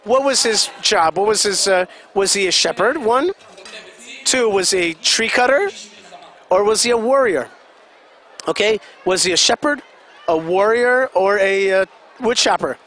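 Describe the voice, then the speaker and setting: A high-voiced man gives chatty live commentary at an event. He keeps explaining what is going on and quizzes his listeners. Vehicle noise can be heard outside behind him. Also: lively intonation, a little slow, fairly bright tone. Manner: chatty, explaining, asks the audience questions.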